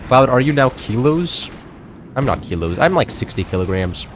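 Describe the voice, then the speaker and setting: A young man from the United States chats with viewers while he streams a game, wandering from thought to thought with plenty of fillers and restarts. His voice sits at an ordinary middle pitch. Faint gunfire and artillery from the game sound underneath. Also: big pitch swings, moderate pace, a little hiss or hum. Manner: rambling, filler-heavy, self-interrupting, chatty with viewers. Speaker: gaming streamer. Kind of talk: casual live-stream chat while playing.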